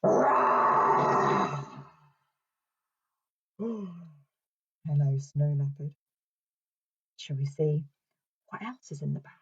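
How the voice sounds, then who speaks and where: A woman's voice: deep voice, flat delivery, a little slow, long pauses, warm tone, breathy edge, lo-fi sound. A woman with a British accent, a speech and language therapist leading a children's session in a playful, sing-song way. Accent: British English.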